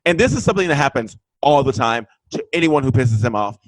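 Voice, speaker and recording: A man, the guest, telling a story in a casual chat, animated and profane, loudly acting out what people said. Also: mid-range voice, quick pace, no room sound, poor audio. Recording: remote link.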